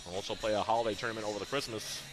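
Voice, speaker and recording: A man calling a college basketball game play-by-play, reading out plays, scores and shooting stats in a brisk, rhythmic way. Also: lowish voice, steady tone, music in the background. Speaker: play-by-play announcer.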